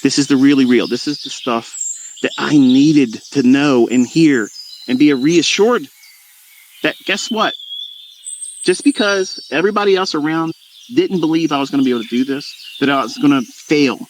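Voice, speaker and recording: Man, middle-aged, fervent and preachy, repeats for emphasis, fairly high voice, faint crickets and birds behind. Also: moderate pace, slight background noise. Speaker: trading educator. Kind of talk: impassioned monologue to viewers.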